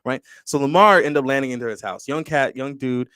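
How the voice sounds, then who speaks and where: A man's voice: mid-range voice, a little fast, fairly bright tone, clear, resonant tone, no room sound. A young man, a podcast guest, telling a long personal story in casual conversation, with many restarts.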